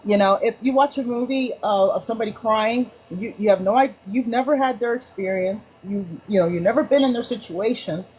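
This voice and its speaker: A woman on an online group call, sharing casually with lively, acted-out anecdotes and frequent restarts. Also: on the high side, a little fast, few pauses, husky, poor audio. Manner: animated storyteller, many restarts and acted-out quotes. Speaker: book club participant.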